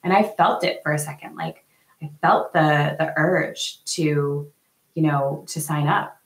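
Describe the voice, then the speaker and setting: A woman's voice: low-pitched, fairly even intonation, measured pace, echoey room, poor audio. A woman hosting a casual live talk to her viewers, earnest and chatty with plenty of fillers. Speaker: host.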